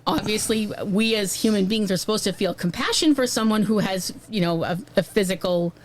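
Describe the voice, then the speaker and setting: A woman's voice: mid-range voice, a little fast. A woman co-hosting a podcast, chatting casually and frankly about an old horror film. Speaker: podcast co-host. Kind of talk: casual film review chat.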